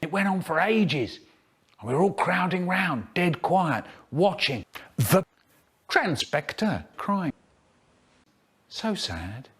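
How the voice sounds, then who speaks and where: Animated man telling a spliced children's story. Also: slightly rough. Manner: animated, drawn-out words, sudden squeaky pitch jumps.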